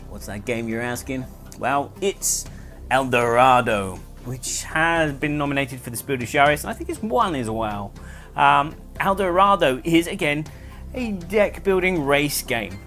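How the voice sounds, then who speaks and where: A man's voice: on the high side, expressive, a little slow, pushed and bright, faint music behind. Chatty man rambling about board games. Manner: chatty, rambling explanations with fillers and self-corrections. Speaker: board game reviewer and channel host. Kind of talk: casual monthly review chat.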